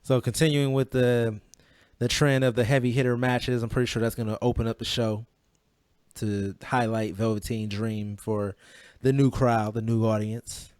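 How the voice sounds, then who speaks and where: A man's voice: medium pitch, fairly even intonation, moderate pace, darkish tone, no room sound, studio quality. A man hosting a casual wrestling podcast, joking and laughing often as he leads the rundown. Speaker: podcast host.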